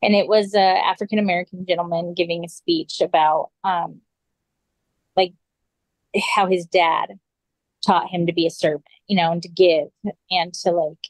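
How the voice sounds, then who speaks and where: Low-voiced woman telling her story. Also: fairly even intonation, moderate pace, pauses often, dry recording, low-quality recording. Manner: casual, full of "like" and quoted dialogue. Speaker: podcast guest. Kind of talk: recounting a personal story in conversation.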